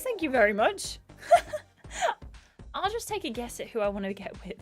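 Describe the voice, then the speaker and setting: A bubbly woman gives casual livestream commentary, thanking her chat over and over. Her voice is high, and faint game music plays under her. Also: very animated, moderate pace, pauses often. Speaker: gaming streamer.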